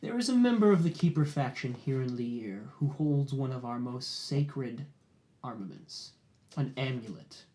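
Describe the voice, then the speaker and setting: A man's voice: animated, natural voice. A man doing a shrewd barbarian chieftain. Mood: hushed scheming. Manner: low, hushed bargaining, slow and deliberate.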